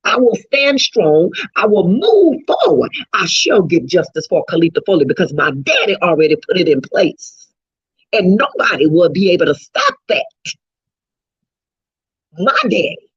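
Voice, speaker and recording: A woman's voice: fairly low pitch, husky, dry recording. A middle-aged woman from Houston, a grieving mother giving fervent, preacherly testimony. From Houston, Texas. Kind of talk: impassioned testimony. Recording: dull lo-fi recording.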